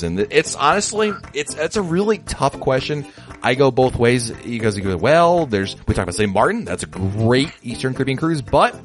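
A man hosting a casual podcast, chatty and lively, with frequent restarts. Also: lowish voice. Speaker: podcast host.

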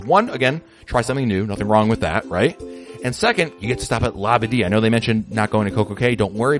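A man hosting a casual podcast, chatty and lively, with frequent restarts. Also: mid-range voice. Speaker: podcast host.

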